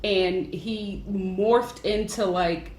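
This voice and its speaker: A woman's voice: mid-range voice, steady tone, drawn-out words, a little mellow. Effusive woman in an echoey room. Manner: effusive, dramatic, playfully devout. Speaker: film reviewer. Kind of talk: casual review chat. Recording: echoey room, faint noise.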